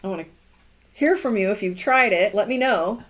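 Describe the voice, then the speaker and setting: A woman's voice: mid-range voice, lively intonation, moderate pace. A middle-aged woman giving a casual live tarot reading, chatty and encouraging. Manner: chatty and encouraging, acts out quoted lines. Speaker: tarot reader.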